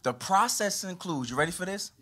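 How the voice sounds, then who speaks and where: Animated man preaching a sermon. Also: fairly quick. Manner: animated preaching with sweeping pitch and volume. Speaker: pastor. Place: church.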